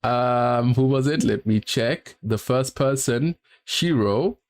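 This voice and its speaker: Streamer man running a game quiz, brisk and chatty, dry close sound. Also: mid-range voice, no room sound. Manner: brisk, laughs between questions. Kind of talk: casual live-stream chat.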